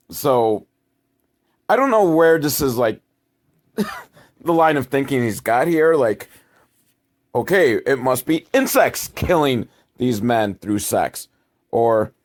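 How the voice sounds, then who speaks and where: Slow, rambling sardonic man. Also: mid-range voice. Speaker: movie reviewer. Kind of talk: casual movie recap commentary.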